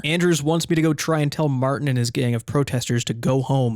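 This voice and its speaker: A man's voice: medium pitch, fairly even intonation, a little fast, hardly any pauses, a little mellow, dry recording. A young man commenting on a game playthrough in a sarcastic, joking manner, reading quest lines aloud and swearing now and then. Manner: sarcastic and joking, swears, playful role-play toward characters. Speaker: gaming streamer.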